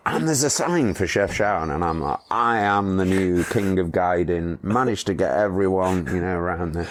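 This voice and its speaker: A middle-aged man with a low voice owns a motorcycle tour company. In a casual interview he tells rambling anecdotes, chuckling as he goes.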